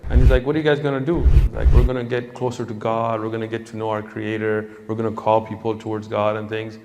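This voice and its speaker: Animated preacher telling a story. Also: male voice, fairly low pitch, fast, in a large hall, slight background noise. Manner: animated storyteller who acts out quoted voices. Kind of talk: storytelling sermon.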